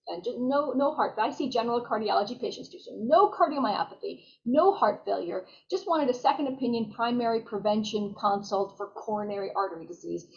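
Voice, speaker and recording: A woman physician shares patient stories in a lively conversational way, often acting out her own lines. Her voice sits somewhat high. The recording is dull and lo-fi. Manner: animated, quotes herself and patients. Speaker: physician guest. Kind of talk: conversational storytelling.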